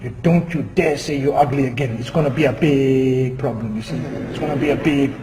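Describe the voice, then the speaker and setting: A man voicing a flustered pet shop owner who talks in a low, placating manner, told within a sermon. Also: fairly quick, noisy background, lightly acted. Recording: echoey hall.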